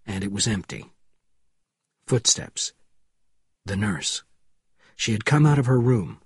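A man with a husky, mid-pitched voice narrates an audiobook in a steady, measured way. The sound is close and dry, with no room around it. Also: no room sound.

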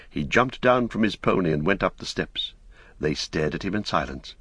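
A man narrating an audiobook in a measured storytelling manner. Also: low voice, expressive, fairly bright tone, slightly rough, no echo, studio quality.

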